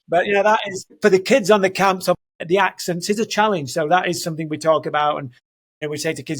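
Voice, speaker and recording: Interview guest: a Northern English man in his fifties, fairly high voice, loose and talkative, often restarts. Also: brisk. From Northern England. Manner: rambling, self-correcting, chatty. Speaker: guest, soccer program leader. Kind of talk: conversational interview. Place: home, house in Denver.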